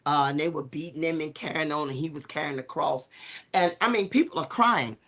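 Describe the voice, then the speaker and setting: Animated middle-aged woman bishop storytelling. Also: low-pitched, brisk. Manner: animated, preacherly storytelling with many fillers. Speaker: bishop and co-host. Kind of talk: talk show discussion with storytelling.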